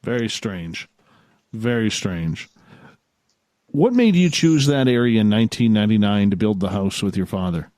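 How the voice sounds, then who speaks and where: A male radio host asking short, measured interview questions. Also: fairly low pitch, expressive, a little mellow, no echo.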